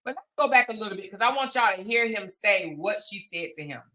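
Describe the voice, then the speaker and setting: A woman hosting a reaction commentary, talking in a sassy, emphatic, animated way. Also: mid-range voice, brisk, a little hiss or hum, low-quality recording. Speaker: commentary host.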